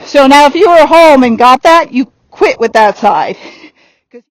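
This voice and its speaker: A woman's voice: high voice, expressive, unhurried, no echo, rough recording. A woman horse trainer giving a riding lesson outdoors, coaching directly and laughing now and then.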